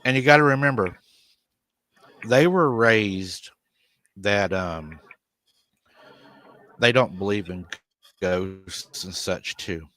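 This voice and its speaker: A man's voice: on the low side, slow, pauses often, a bit bright, dry recording. A man hosting a live paranormal stream, retelling a family's story and quoting the people in it. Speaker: paranormal show host.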